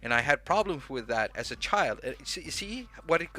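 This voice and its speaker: Hosting a casual livestream, this man from Sweden speaks with a Swedish accent in a sharp, slightly high voice with big pitch swings. He rambles rapid-fire, hopping from thought to thought over a faint music track.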